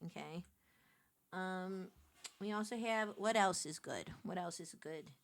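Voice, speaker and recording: A woman with a New York accent, chatting casually with her stream viewers, animated and quick to laugh. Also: on the low side. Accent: New York City. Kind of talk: casual live-stream chat while picking a game.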